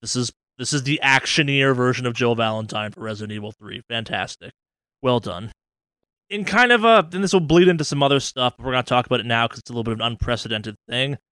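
Smooth-voiced man in loose gaming chat. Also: medium pitch, quick pace, bright, forceful tone, dry recording. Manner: enthusiastic, rambling, swears freely. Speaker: podcast co-host. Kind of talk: casual gaming news chat.

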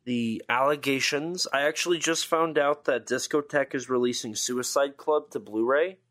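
A man's voice: mid-range voice, moderate pace, a bit bright. A tired man co-hosting a podcast, chatting casually with lots of fillers and restarts. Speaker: podcast co-host. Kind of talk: casual chat.

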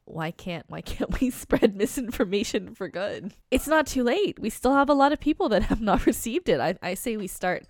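A woman co-hosting a podcast in casual comedic chat, playful and quick to laugh. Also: on the high side, lively intonation, no echo, clean studio sound. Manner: playful, laughs often, spins mock stories. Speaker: podcast co-host.

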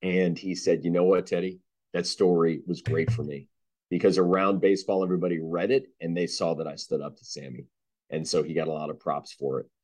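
Deep-voiced man telling sports anecdotes. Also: fairly quick. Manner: deep-voiced, animated, acts out quoted people. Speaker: sportswriter guest. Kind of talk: anecdotal storytelling.

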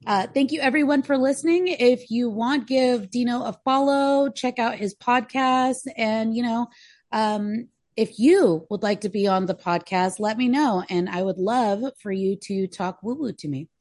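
A woman hosting a podcast, chatting casually and warmly thanking her guest. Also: a little high, unhurried, no echo. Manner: friendly, thanks the guest, laughs along. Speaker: podcast host. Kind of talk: casual chat.

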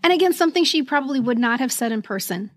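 A middle-aged woman co-hosting a podcast in casual chat, animated and laughing often as she reads old letters aloud. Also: high-pitched, quick pace, no room sound, studio quality. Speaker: podcast co-host.

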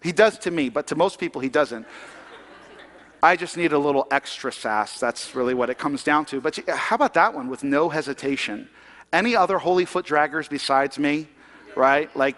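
A man's voice: fairly high pitch, expressive, fairly quick, a bit bright, in a large hall. A man preaching a sermon in a conversational way, asking the congregation questions. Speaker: pastor.

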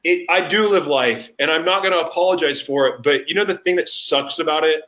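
A man hosting a casual chat, telling candid stories in an animated way. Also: fairly high pitch, fairly quick, echoey room.

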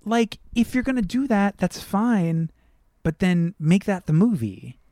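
A man's voice: high-pitched, very animated, unhurried, warm tone, no echo, studio quality. A man co-hosting a casual film review chat, ranting heatedly and swearing freely. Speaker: podcast co-host.

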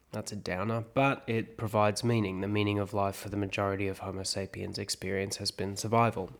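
A man from South Africa talks through his thoughts in a reflective podcast monologue, asking himself questions and answering them. His voice sits low and has a gravelly, creaky edge. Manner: thinks aloud, talking himself through questions. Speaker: actor and podcast host.

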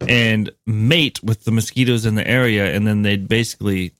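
A man co-hosting a podcast in casual chat, joking and spinning out speculative what-if ideas in a relaxed way. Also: fairly low pitch, normal speed, no echo. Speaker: podcast co-host.

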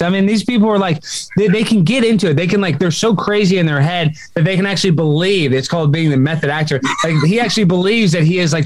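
Fast, high-voiced excitable man. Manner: rapid, excitable, jokey rants. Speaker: comedian guest. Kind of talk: casual podcast chat.

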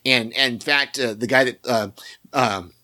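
A man's voice: medium pitch, moderate pace, pushed and bright. A man co-hosting a podcast, chatting casually about a TV episode and restarting his sentences often. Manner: rambling, many restarts and fillers. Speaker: podcast co-host. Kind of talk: casual TV recap chat.

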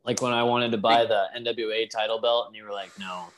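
A man co-hosting a podcast, relaxed and joking crudely while he watches a wrestling match, laughing often. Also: mid-range voice, fast talker, a loud crowd. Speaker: podcast co-host. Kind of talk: casual watchalong chat.

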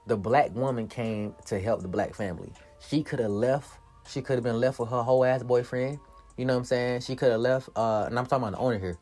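Man, casual profane movie recap, middle pitch, faint music under it, laughs and acts out lines. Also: brisk. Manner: profane, animated, laughs often, acts out quotes.

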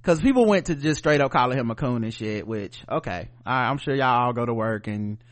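A man co-hosting a podcast in casual chat. He speaks bluntly, swears freely and gets animated. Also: mid-range voice, brisk. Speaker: podcast co-host.

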